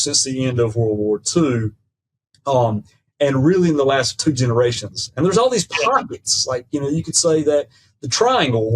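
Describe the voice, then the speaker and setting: A man speaking as a podcast guest and professor, in a measured, lecturing way that mixes academic phrasing with folksy "ain't" and frequent "right?" checks. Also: medium pitch, rough recording. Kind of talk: conversational lecture.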